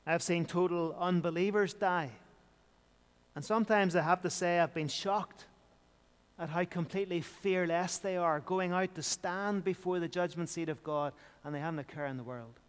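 Earnest high-voiced male preacher, reverberant hall. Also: moderate pace, clean tone. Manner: earnest, repetitive preaching with rising emphasis. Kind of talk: evening sermon.

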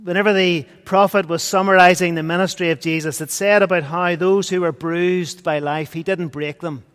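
Man, preacher, earnest sermon, high voice, long hall reverb. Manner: earnest, swings from loud to hushed.

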